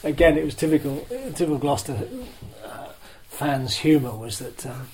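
An older man, a former broadcaster being interviewed, telling self-deprecating stories in a chatty, lively way. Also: mid-range voice, moderate pace, low-quality recording. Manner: lively storyteller who acts out crowd shouts. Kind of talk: anecdotal interview storytelling.

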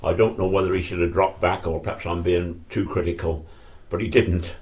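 A man's voice: low-pitched, steady tone, fairly quick, darkish tone. An older man telling old stories in a rambling, self-correcting way during an interview. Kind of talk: reminiscing oral history.

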